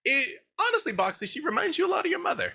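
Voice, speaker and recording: A man narrating a tabletop game as dungeon master, animated and often laughing. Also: very high voice, gravelly. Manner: animated, laughing, quick asides.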